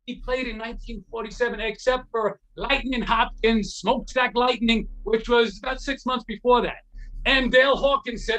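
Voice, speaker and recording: A middle-aged man, a guitar repair technician, telling lively anecdotes as an interview guest, acting out the voices of the people he quotes and often restarting his sentences. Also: very high voice, normal speed. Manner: animated, acts out quoted voices, frequent restarts. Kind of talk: anecdotal storytelling in a conversation.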